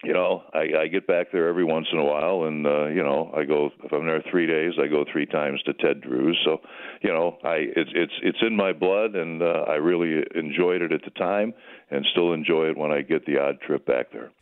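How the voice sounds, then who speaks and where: Speaking at normal speed in an extremely low, steady voice, an older retired sports broadcaster reminisces by phone in a folksy, chatty interview, often using fillers and restarting. The telephone recording is tinny.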